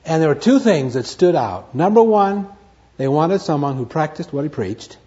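A man's voice: fairly high pitch, big pitch swings, normal speed, mellow. Emphatic male Bible teacher, lo-fi. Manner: emphatic, repeats key words, asks and answers his own questions. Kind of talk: Bible study lecture. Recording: dull lo-fi recording.

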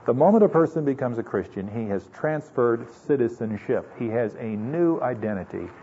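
A man's voice: medium pitch, expressive, moderate pace, warm tone, a little hiss or hum. A man from the United States preaching an earnest, conversational sermon full of rhetorical questions, in a dull lo-fi recording. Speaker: pastor.

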